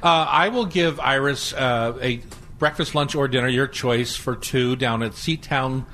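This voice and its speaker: An older man hosting a food radio show, chatting in a relaxed, rambling way and chuckling often. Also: mid-range voice, unhurried, a little hiss or hum, poor audio. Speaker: radio show host and chef. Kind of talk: casual radio chat.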